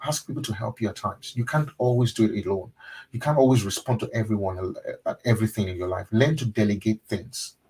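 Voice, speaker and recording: A man who is a pastor, giving a motivational webinar talk in an earnest, repetitive way that often drops to a soft, intimate tone. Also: on the low side, fairly quick, slightly rough, rough recording. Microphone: webinar microphone.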